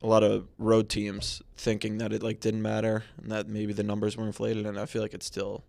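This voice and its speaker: Low, flat, gravelly male co-host. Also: fairly quick, dry recording. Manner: hesitant, laid-back. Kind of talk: casual sports betting chat.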